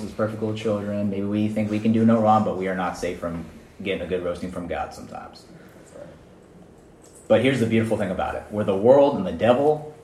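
A man preaching a casual sermon to a small group, conversational and animated, often checking in with his listeners. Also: lowish voice, slight background noise. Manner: conversational, animated, frequent "right?" and "guys". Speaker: youth preacher. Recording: echoey room, mic at a distance.

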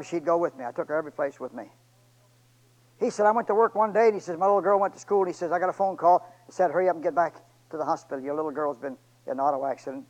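A man preaching a sermon and retelling a story, pleading with his church and swinging between loud and hushed delivery. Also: a little high, muffled recording.

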